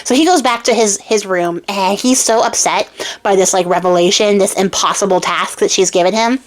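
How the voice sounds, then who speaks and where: A woman's voice: medium pitch, moderate pace. A young woman retelling a fairy tale casually, chatty, full of fillers, talking straight to her viewers. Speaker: storyteller host.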